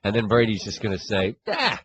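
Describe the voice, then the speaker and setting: A man's voice: fairly low pitch, animated, a little fast, a bit bright, a little hiss or hum, rough recording. A man hosting a sports radio show, talking in a wry, chatty, rambling way. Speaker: radio host. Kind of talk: casual sports talk.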